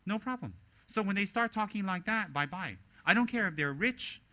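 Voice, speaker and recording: A man giving a dharma teaching as a Buddhist teacher, animated and blunt, often slipping into mimicry of other people. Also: sits high, moderate pace.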